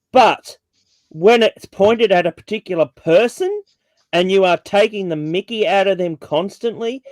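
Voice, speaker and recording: A man with an Australian accent chats loosely on a video call, his voice a touch higher than most. The sound is dry and close, with no room around it. He rambles easily, padding his sentences with fillers. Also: no echo. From Tasmania, Australia. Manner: chatty, rambling with many fillers. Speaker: panel host. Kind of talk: casual video call chat.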